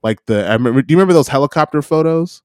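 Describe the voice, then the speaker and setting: A man's voice: on the high side, expressive, rapid-fire, darkish tone, clear, resonant tone, dry recording, studio quality. A young man co-hosting a podcast, telling a rambling story in casual chat with many fillers and acted-out quotes. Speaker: podcast co-host.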